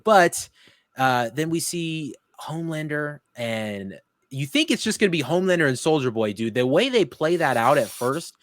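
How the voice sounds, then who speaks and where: A young man hosting a podcast, reviewing a TV episode in an excited, casual way and swearing freely. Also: fairly high pitch, normal speed, dry recording, studio quality. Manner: animated, gushing, swears freely. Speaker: podcast host.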